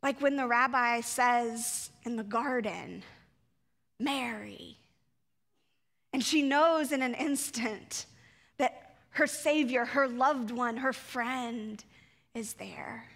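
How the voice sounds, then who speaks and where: A woman's voice: a little high, takes it slowly, fairly bright tone. A woman pastor preaching a sermon in a reflective way, asking her congregation rhetorical questions. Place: church sanctuary. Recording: long church reverb.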